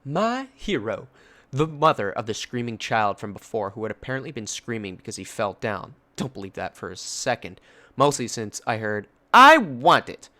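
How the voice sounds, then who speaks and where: A man's voice: on the low side, fairly quick, a bit bright. A man casually narrating a story, swearing freely and breaking off for personal asides. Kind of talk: reading a story.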